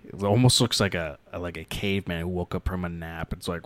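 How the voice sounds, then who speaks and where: A man co-hosting a podcast in casual chat, excitable, laughing often and swearing freely. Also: deep voice, brisk, no echo. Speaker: podcast co-host.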